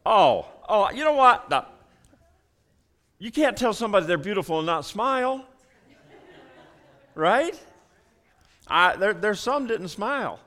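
A man preaching a sermon as pastor in a church, folksy and animated, often repeating and restarting phrases. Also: high voice, measured pace, long pauses. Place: church sanctuary.

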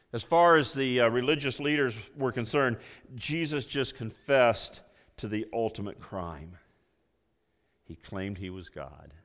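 A man preaching a sermon, emphatic, swinging between loud emphasis and hushed low passages. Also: expressive, a little slow, in a large hall. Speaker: pastor.

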